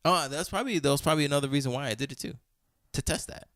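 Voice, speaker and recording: A young man co-hosting a podcast in casual chat, telling a story with lively energy, acting out quoted lines, and laughing often. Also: fairly high pitch, rapid-fire, dry recording, studio quality. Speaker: podcast co-host.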